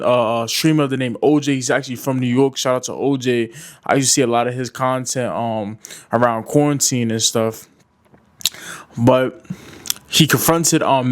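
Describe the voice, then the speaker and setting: A man hosting a casual commentary vlog, talking loosely with lots of fillers. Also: medium pitch. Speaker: commentary channel host.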